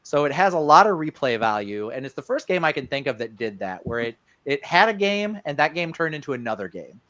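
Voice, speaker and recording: A man's voice: a little high, sing-song, a little fast, bright, forceful tone, dry recording. A man co-hosting a casual podcast, talking about games with lots of ums and uhs. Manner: rambling with many ums and uhs. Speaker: podcast co-host. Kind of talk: casual chat.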